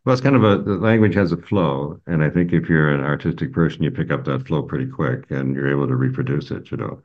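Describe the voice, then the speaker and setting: Very deep-voiced American male interviewer. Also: fast talker, muffled recording. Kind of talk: casual interview chat.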